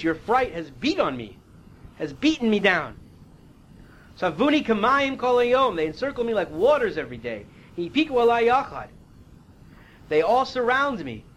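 A man's voice: sits high, very animated, normal speed, a bit bright, rough recording. A man teaching a Torah class, reading Hebrew verses and explaining them in a casual, conversational way, sometimes losing his place.

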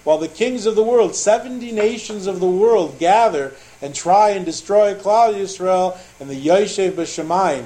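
A man's voice: fairly high pitch, dark tone, low-quality recording. A man teaching a Torah class, translating Hebrew verses line by line and acting out the dialogue with animation.

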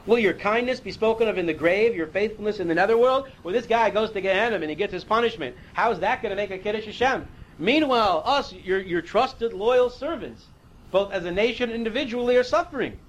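A man's voice: sits high, animated, fairly quick, poor audio. A man teaching a Torah class, reading Hebrew verses and explaining them in a casual, conversational way, sometimes losing his place.

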